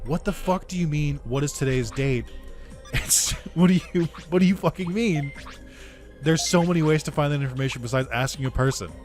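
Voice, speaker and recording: A man, a gaming video creator, casually telling a story over gameplay, animated, swearing and laughing as he acts out what people said. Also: on the high side, brisk, faint music behind.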